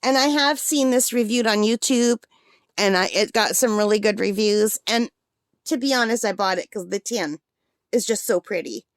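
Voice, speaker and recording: A woman's voice: mid-range voice, normal speed, no room sound. Chatty woman with hiccups, dry mic. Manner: chatty, rambling, with fillers and small laughs. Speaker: art supply unboxing vlogger. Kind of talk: casual unboxing chat.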